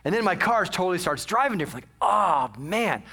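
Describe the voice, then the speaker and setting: Bright, high-voiced chatty preacher man. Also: animated, very fast. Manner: chatty and self-mocking, many asides. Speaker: pastor. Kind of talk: casual storytelling sermon.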